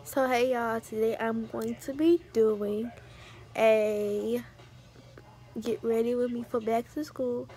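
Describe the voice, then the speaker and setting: A teenage girl talks through a casual get-ready-with-me vlog, rambling and doubling back in slangy asides. Her voice sits a little high. Music plays clearly underneath her. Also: fairly even intonation, takes it slowly, mellow. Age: teens. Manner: chatty, rambling, self-correcting slang. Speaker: vlogger. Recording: music playing behind.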